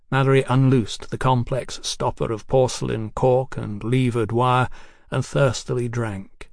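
A man giving a measured, unhurried scripted reading of a novel, recorded close on a studio mic. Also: medium pitch, steady tone, a little mellow, no echo. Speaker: audiobook narrator.

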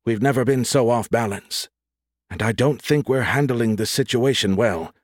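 A man's voice: mid-range voice, normal speed, dry recording, clean studio sound, close to an everyday voice. A man voicing a stern female leader who speaks in a firm, authoritative way. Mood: grave.

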